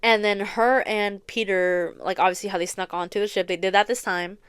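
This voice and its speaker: Smooth-voiced young woman rambling casually. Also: medium pitch, steady tone, fairly quick, dry recording. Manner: rambling, swears freely, heavy filler words. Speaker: podcast host. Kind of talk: casual storytelling chat. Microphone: close studio mic, audio only.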